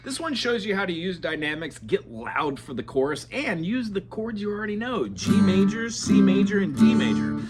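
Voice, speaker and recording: A man's voice: sits high, very animated, moderate pace, hardly any pauses. A man teaching beginner acoustic guitar in a chatty, digressive way, now and then singing bits of songs as he plays. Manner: chatty, digressive, breaks into song while playing. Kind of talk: casual guitar lesson with sung examples. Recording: loud guitar under the voice. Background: acoustic guitar playing.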